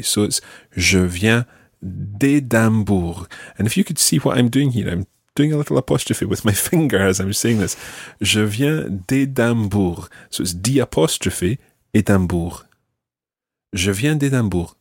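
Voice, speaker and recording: A man teaching a spoken French lesson, slowly repeating phrases for a learner. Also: on the low side, darkish tone, breathy edge, no echo, clean studio sound.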